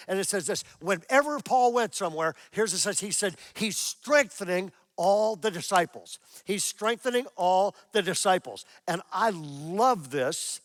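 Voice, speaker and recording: High-voiced older man preaching. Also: no echo, clean studio sound. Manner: animated storytelling, acting out his own prayers; asks the congregation questions. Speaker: pastor. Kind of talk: sermon. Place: church auditorium with a congregation.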